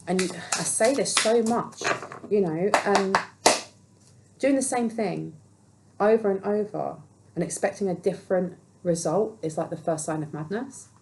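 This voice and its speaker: A woman's voice: mid-range voice, a little mellow, a little hiss or hum, rough recording. A woman talking earnestly and reassuringly through a spiritual tarot reading, now and then acting out quoted voices. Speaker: tarot reader.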